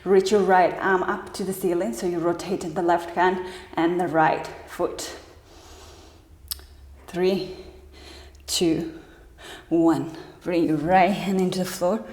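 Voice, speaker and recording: A woman's voice: fairly low pitch, steady tone, slow, long pauses, darkish tone. A woman instructor guiding a yoga class, counting breaths and calling out poses, with slightly non-native phrasing. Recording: echoey room with long reverb.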